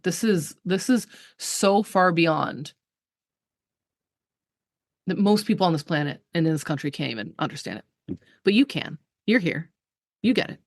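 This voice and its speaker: A woman business coach and podcast host, talking casually to a group call, emphatic and profane, with chatty restarts and big swings in pitch. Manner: chatty, full of fillers and restarts.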